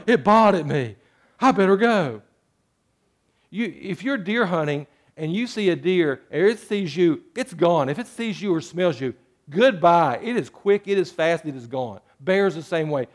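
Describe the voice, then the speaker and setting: A man preaching a sermon, moving between earnest scripture reading and playful jokes with sheep bleats. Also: a little high. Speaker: pastor.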